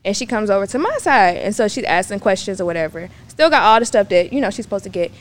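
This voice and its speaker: A young woman telling a personal story in a casual, animated way, acting out the lines of the people in it. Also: mid-range voice, fast. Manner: animated, acts out quoted dialogue. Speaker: guest.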